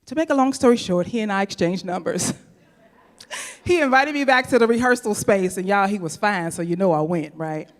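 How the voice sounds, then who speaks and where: A woman's voice: medium pitch, animated, a little fast. Playful woman telling a story in a reverberant hall. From St. Louis, USA. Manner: playful, chatty, addresses audience with "y'all" and "honey". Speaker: storyteller on stage. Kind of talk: personal storytelling performance. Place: event venue stage.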